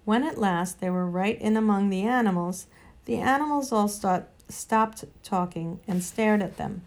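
A woman narrating a children's storybook with an even, steady reading. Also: mid-range voice, measured pace. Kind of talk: storybook read aloud.

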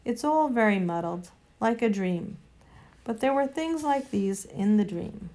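A woman reading a storybook aloud and voicing an old male cart horse who speaks slowly and thoughtfully. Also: medium pitch, animated, mellow, close to an everyday voice. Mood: puzzled. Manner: slow, thoughtful.

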